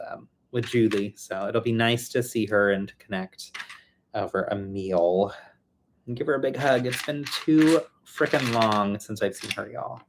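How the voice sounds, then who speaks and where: A man hosting a casual livestream from home, chatting and thinking out loud as he builds and answers viewers. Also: lowish voice, a little hiss or hum. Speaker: livestream host building toy sets. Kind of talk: casual live chat while building.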